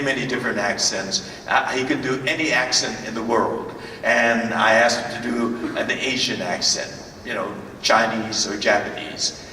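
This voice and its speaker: An older man telling stories as a convention panel guest, halting with many fillers and restarts, recorded from far off in a large hall. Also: medium pitch, fairly bright tone, a little hiss or hum. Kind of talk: anecdotal storytelling. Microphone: far from the recording camera.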